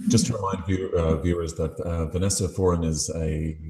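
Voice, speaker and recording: Deep-voiced Irish chat show host. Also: male voice, fairly even intonation, normal speed, warm tone, echoey room. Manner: hesitant, many fillers and restarts. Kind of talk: late-night studio chat.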